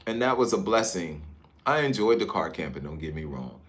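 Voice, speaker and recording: A man from Newark, New Jersey, livestreaming casually from a high-rise hotel room on his phone and chatting with viewers about their comments. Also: very animated, moderate pace, a bit bright. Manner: laid-back, chatty, drifts between comments. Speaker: livestream vlogger.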